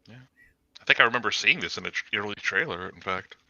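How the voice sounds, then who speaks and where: A man's voice: fairly low pitch, animated, fast talker, sharp tone, no room sound. A man chatting casually about a game, often stammering and restarting his sentences. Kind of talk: casual gaming chat. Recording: dull lo-fi mic.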